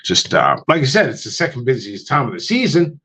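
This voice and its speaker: A man with a mid-range, sharp-toned voice talks fairly quickly, with huge swings in pitch. He's a livestream chat show guest telling rambling stories full of ums and restarts, mimicking voices for anyone he quotes.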